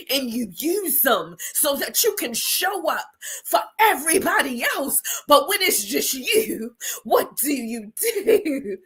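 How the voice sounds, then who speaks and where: Tearful, husky woman testifying slowly. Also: high voice, fairly bright tone. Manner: preacher-like repetition, tearful and defiant. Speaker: host. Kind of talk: emotional inspirational monologue.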